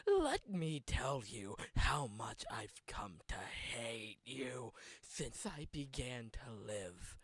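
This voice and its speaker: Hateful male supercomputer, hushed and sinister, done by a man. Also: mid-range voice, very animated, drawn-out words, husky, no echo, voice pushed down, heavily acted. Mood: menacing. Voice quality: whispered, sinister. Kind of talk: comedic impression.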